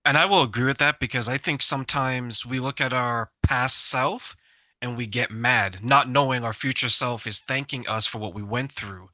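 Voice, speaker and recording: Man hosting with a bright, dry voice. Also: mid-range voice, moderate pace, no room sound. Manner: reflective, asks probing questions. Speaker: host. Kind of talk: interview questions.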